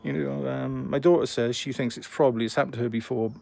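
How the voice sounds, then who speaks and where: Older man, sixties, gravelly voice, casual vlog chat, rambling, self-mocking. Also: medium pitch, fairly even intonation, quick pace, darkish tone. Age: 60s. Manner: rambling, self-deprecating, full of restarts. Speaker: vlogger.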